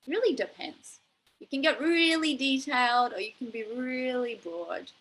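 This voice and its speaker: A woman's voice: high-pitched, moderate pace, fairly bright tone, a little hiss or hum, rough recording. A young adult woman coaching a live online masterclass, enthusiastic and encouraging, using spiritual wording. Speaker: manifestation coach.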